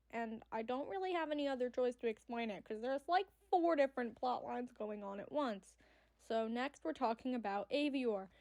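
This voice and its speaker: A woman giving casual, excitable fan commentary on a story, rambling and swearing freely. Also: on the high side. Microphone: audio-only recording.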